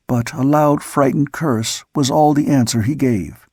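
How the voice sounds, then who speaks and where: Brief: male audiobook reader, gravelly, husky, dry close-mic sound, measured. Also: mid-range voice, darkish tone, no echo. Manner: measured storytelling. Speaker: audiobook narrator. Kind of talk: scripted narration.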